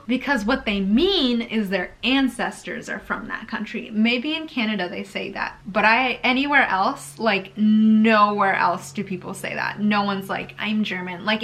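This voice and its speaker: A young woman from Brazil talks straight to camera in a relaxed sit-down vlog. Her voice is bright and ringing, and her delivery is chatty and animated, often broken up by quick laughs. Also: mid-range voice, gravelly. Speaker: YouTuber.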